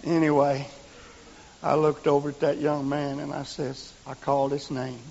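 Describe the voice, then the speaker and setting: A man preaching a sermon in folksy storytelling, dropping to hushed whispers and rising to shouts. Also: on the high side, monotone, normal speed, creaky. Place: church. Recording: echoey lo-fi church recording.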